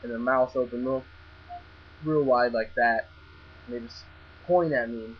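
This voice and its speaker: A young vlogger tells a casual story, stammering, restarting and swearing freely along the way. His medium-pitched voice keeps a measured pace, heard through a dull lo-fi recording with faint mains hum.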